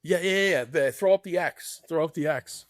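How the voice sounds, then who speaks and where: A podcast co-host with a voice on the high side tells stories at a moderate pace in a dry recording. He's laid-back and casual, laughs often, and calls people "man" and "brother" as he chats.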